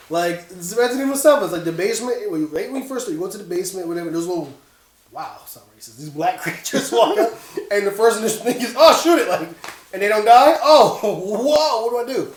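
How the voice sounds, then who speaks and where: A man's voice: sits high, quick pace, roomy sound. A man co-hosting a casual gaming podcast, rambling and laughing as he tells stories. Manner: laughing, excitable, rambling storyteller. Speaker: podcast co-host. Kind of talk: casual chat.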